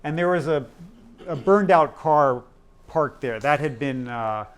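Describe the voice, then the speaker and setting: A man's voice: on the high side, lively intonation, a little slow. A middle-aged man giving a keynote lecture, telling stories from his reporting in a casual, conversational way with frequent ums and restarts. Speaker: keynote speaker. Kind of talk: lecture storytelling. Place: lecture hall.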